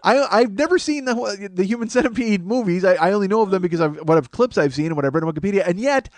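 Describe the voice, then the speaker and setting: Fast-talking and animated, a man with a high-sitting voice rambles alone on his comedy podcast, poking fun at himself, losing track of his thoughts and sounding tired from too little sleep. There's no echo.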